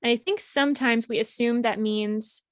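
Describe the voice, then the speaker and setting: An easygoing woman co-hosting a podcast about writing, with a slightly high voice. She talks in a relaxed way, and her voice is recorded close and dry, with no room sound. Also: moderate pace, no room sound. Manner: easygoing, agreeable, laughs often. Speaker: podcast co-host. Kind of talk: casual chat.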